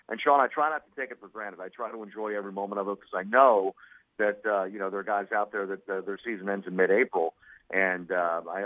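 A male sports broadcaster, a guest on a radio show, chatting quickly over the phone with many fillers and laughs. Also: deep voice, dry recording. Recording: tinny phone line.

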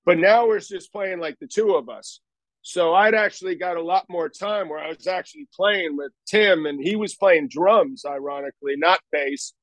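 A man's voice: high-pitched, moderate pace, fairly bright tone, no echo, poor audio. An older man telling stories in a casual interview, rambling and self-deprecating with many restarts. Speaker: guest.

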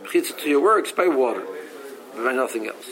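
A man leads a casual Talmud class. His voice has a gravelly edge, and he reads each line before explaining it plainly, often stopping to restart a phrase. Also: medium pitch, expressive, moderate pace, a bit bright, low-quality recording. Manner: reads Aramaic text then explains in English, with frequent restarts. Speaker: Talmud teacher.

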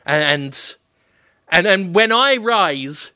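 A man with a high, bright voice trading silly riffs on a podcast. He spins out absurd bits in loose, casual banter. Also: animated, extremely slow, dry recording, studio quality. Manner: joking, riffs on absurd ideas. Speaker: podcast co-host.

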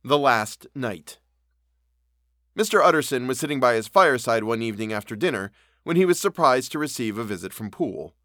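A man reading a classic story aloud for a podcast in a measured, steady way. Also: mid-range voice, no echo, studio quality. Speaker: podcast reader.

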